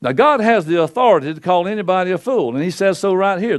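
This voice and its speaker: An older man delivers a sermon into a pulpit microphone. His voice sits a little high, and his folksy, storytelling manner swings from loud declarations to low, quiet asides. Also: animated, fast, few pauses. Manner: folksy preaching with wide swings in pitch and loudness. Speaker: pastor.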